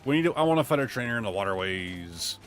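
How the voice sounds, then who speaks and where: A man from Ohio streaming a game, chatting casually with a voice that jumps up and down and bursts out when things go his way. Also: fast. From Ohio, USA. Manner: lively pitch that jumps up and down, excitable outbursts. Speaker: gaming streamer. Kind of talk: casual gameplay commentary.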